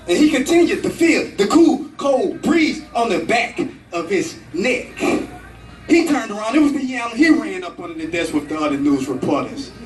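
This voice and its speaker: A man giving a storytelling speech to a club, told in a dramatic, animated way. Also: high voice. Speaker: club speaker. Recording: echoey room, from far off, faint music.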